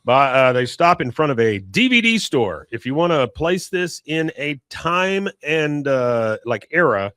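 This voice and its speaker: A man hosting a podcast, casually chatting and retelling scenes in an animated way. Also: a little high, measured pace, few pauses, clear, resonant tone, no room sound, clean studio sound. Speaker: podcast host. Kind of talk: casual chat.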